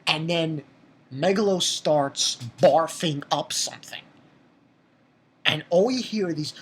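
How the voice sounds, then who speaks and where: A young woman with a low, husky voice rambles through an anime episode recap. She talks casually, restarts her sentences often and swears now and then, in a loose spoken review. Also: expressive, a little slow, fairly bright tone.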